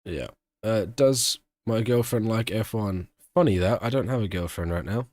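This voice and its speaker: A man's voice: on the low side, normal speed, dry recording, studio quality. A man streaming a live race watch-along, giving casual commentary and answering questions from his chat. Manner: chatty, answers chat questions, breaks into excited shouting at big moments.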